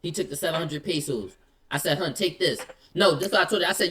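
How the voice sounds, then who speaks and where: A man telling a story in casual slang, acting out both sides of an argument in quick quoted lines. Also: a little high, pushed and bright, a little hiss or hum.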